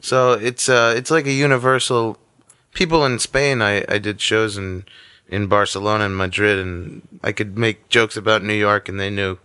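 A man who is a guest comedian, chatting casually on a podcast and giving blunt opinions like an animated storyteller. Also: fairly low pitch, normal speed, clean tone, no room sound, studio quality.

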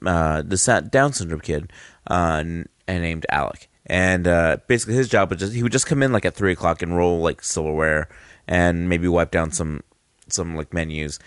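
A man's voice: low-pitched, normal speed, clean tone, dry recording, clean studio sound. A man hosting a podcast, telling a rambling story full of fillers and laughing partway through his sentences. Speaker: podcast host. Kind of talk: casual chat.

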